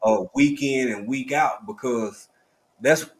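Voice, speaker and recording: Speaking slowly in a medium-pitched voice, a middle-aged livestream host chats casually with his audience. His tone is heartfelt and preacherly, and he refers to listeners as family.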